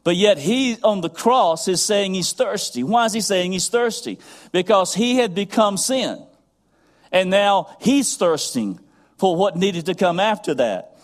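Earnest male preacher, fairly high voice. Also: lively intonation, a little slow. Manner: earnest preaching, builds in pitch and intensity, repeats phrases. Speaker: pastor. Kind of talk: sermon.

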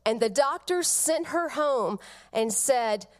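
A middle-aged woman giving a funeral eulogy, telling family stories tenderly with soft pauses. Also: high voice, animated. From Georgia, United States.

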